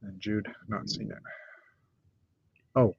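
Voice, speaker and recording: A middle-aged man from North America hosting a casual chat, rambling through a list with many pauses and restarts. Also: fairly low pitch, steady tone, a little mellow, dull audio, slight background noise. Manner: rambling, lots of uh and restarts, shows builds one by one. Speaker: podcast host.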